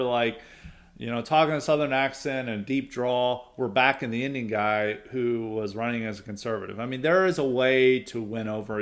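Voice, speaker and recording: A man hosting a podcast, talking in a casual, opinionated commentary style. He rambles through thoughts with frequent asides and chuckles, at an ordinary middle pitch for a man. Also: a bit bright. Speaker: podcast host.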